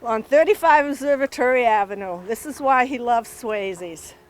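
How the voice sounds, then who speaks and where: A woman giving gentle, thankful remarks at an outdoor dedication ceremony. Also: fairly high pitch, moderate pace. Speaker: family member giving remarks. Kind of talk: prepared speech.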